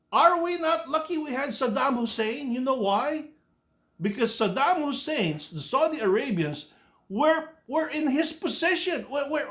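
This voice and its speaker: A man's voice: extremely high pitch, a bit bright. A man in his sixties ranting bluntly to his YouTube viewers, swearing freely, repeating and restarting his words. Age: 60s. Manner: blunt, profane, repetitive restarts. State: coughing. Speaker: YouTube commentator. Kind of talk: ranting opinion monologue.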